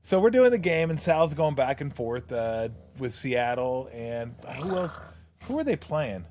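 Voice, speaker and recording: A man hosting a casual podcast, telling stories in a lively way and laughing at his own punchlines. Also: mid-range voice, unhurried, a little hiss or hum. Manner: animated storyteller, laughs through punchlines. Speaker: podcast host, former NBA broadcaster. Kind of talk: casual storytelling chat.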